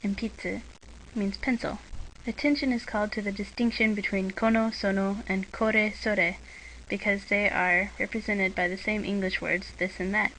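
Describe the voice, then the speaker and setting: A woman reading a scripted language lesson, slipping dry sarcastic asides into the drills in a deadpan manner. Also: medium pitch, moderate pace, a little hiss or hum, poor audio.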